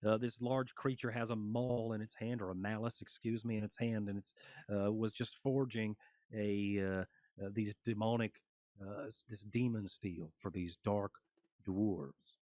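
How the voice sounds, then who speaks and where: A man running a tabletop fantasy game as game master, describing the scene in halting narration full of fillers. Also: lowish voice, fairly even intonation, darkish tone, no echo.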